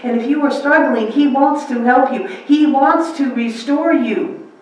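A woman's voice: sits high, unhurried, darkish tone, heavy reverb, recorded from a distance, rough recording. A woman pastor preaching a conversational sermon, asking the room questions and acting out quotes. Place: church sanctuary.

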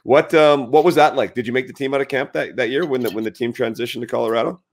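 A man's voice: mid-range voice, fast. A man hosting an interview, asking curious questions and rephrasing them as he goes. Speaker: interview host, former hockey player.

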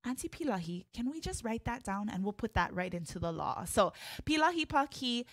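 A woman teaching an online hula class, chatting to viewers by name in a friendly way and leading chants in long drawn-out tones. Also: fairly high pitch, big pitch swings, dry recording, studio quality.

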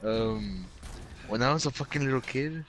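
A man's voice: mid-range voice, normal speed, a bit bright, a little hiss or hum, poor audio. A young man telling rambling childhood stories to friends in casual chat, full of swearing and fillers. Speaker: storyteller among friends.

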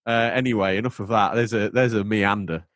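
A man's voice: on the low side, fairly even intonation, a little fast, fairly bright tone, no room sound. A man hosting a podcast, rambling playfully in casual chat. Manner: playful, rambling, breaks into silly put-on voices. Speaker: podcast host.

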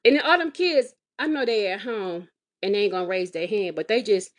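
A woman vlogging as a mother, telling a comedic, exasperated story with sassy, animated delivery and big swings in pitch. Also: fast. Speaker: mother of a kindergartner. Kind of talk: comedic storytelling vlog rant. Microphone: phone or webcam vlog.

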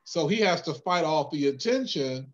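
An easygoing man in a Bible study who laughs often and gives halting explanations of the scripture. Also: a little high, animated, lo-fi sound. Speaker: church member in Bible study.

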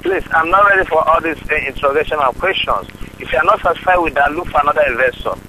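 A man with a Nigerian accent speaks in a high, very bright and sharp voice. He is insistent, going over the same point again and again in halting, broken sentences. A faint hiss sits behind him. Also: rough recording. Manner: insistent, repeats himself, halting broken phrasing. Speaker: caller. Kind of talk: phone conversation.

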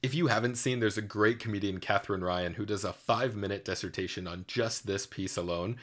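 A man's voice: fairly low pitch, brisk, a bit bright. A man, a musical theatre coach, giving enthusiastic, admiring reaction commentary with frequent fillers.

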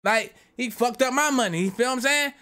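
This young man's voice is high and bright as he talks a little fast over a video reaction. His chat is loose and rambling, full of swearing and self-defense.

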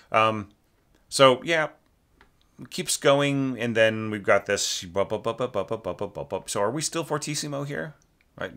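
A man's voice: low voice, bright, forceful tone. A man giving a rambling spoken critique of a student's orchestral score, often asking "right?" and singing the parts aloud. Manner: rambling, fillers, sings motifs aloud. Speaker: orchestration teacher giving feedback.

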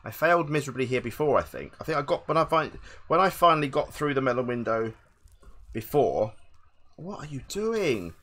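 A man's voice: medium pitch, expressive, fast talker, pushed and bright. A man commenting live on his own gameplay, talking to his chat and grumbling at his mistakes. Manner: exasperated self-talk, addressing chat as people. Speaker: gaming streamer.

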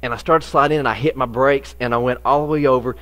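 A middle-aged man, a pastor telling a folksy personal story in a sermon, lively in the funny parts and quieter when serious. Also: medium pitch, quick pace.

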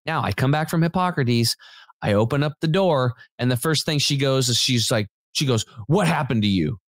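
A man's voice: mid-range voice, moderate pace, no room sound. A man as a podcast guest telling a personal story in a loose, rambling way, full of "like" and restarts, with casual slang. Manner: rambling and animated, many fillers and restarts; informal, says "dude" and "like". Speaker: podcast guest, health company founder.

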